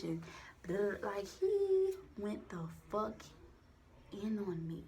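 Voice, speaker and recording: Young woman with a gravelly, creaky voice. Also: medium pitch, sing-song, takes it slowly, mellow, a little hiss or hum. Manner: candid, rambling, heavy profanity and slang. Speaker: vlogger telling a personal story. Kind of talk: casual storytime monologue. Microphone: phone camera.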